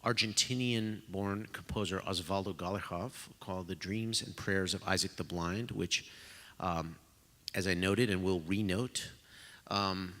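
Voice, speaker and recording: Male host, low and bright-toned, self-deprecating, casual, in a concert hall with long reverb. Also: fairly even intonation. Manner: self-deprecating, joking, halting with fillers. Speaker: host of a pre-concert talk. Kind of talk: casual live talk to an audience.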